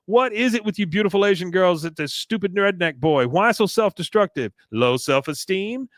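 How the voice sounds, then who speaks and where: A man's voice: sits high, expressive, moderate pace, a bit bright, no room sound, clean studio sound, pitched above the performer's own voice. A man voicing a pushy, scornful middle-aged cartoon neighbor who rants, reading his lines in a recap. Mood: ranting. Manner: ranting.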